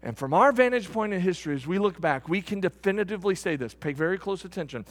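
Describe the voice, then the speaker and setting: Animated preacher in an echoey hall. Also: male voice, high-pitched, fast, hardly any pauses. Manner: dynamic, swings from loud bursts to hushed emphasis. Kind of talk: sermon. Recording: echoey hall with long reverb.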